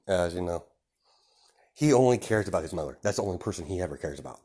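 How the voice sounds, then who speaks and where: A man makes up a fan story as he goes, rambling and padding it with fillers. His voice is very low and deep. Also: brisk, long pauses, a little mellow. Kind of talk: casual improvised storytelling.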